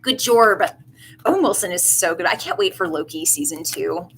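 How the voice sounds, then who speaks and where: A woman's voice: fairly low pitch, expressive, moderate pace, fairly bright tone, a little hiss or hum, rough recording. A woman giving a casual live tarot reading, chatty and effusive with many asides. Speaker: tarot reader.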